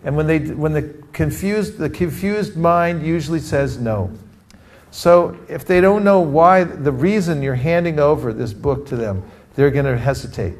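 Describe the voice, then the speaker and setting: A man from California teaching a live group in an energetic workshop style, calling for responses from the audience. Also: on the high side, a little slow. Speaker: teacher leading a training session. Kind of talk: interactive workshop talk.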